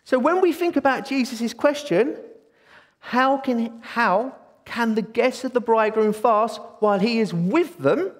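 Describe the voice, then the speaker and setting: A man preaching a sermon in a church, excitable and eager. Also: very high-pitched, a little slow. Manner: excitable, bursts into exclaiming. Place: church hall. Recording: long hall reverb.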